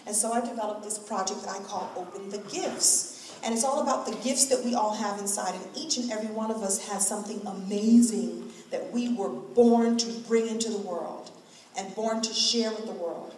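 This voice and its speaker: A middle-aged woman speaking to an event crowd, telling a personal story in an animated way and acting out the voices she quotes. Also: fairly high pitch, slight background noise. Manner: expressive, acts out quoted voices, laughs often. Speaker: guest speaker at a hair event. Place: large event room. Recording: echoey hall from far off.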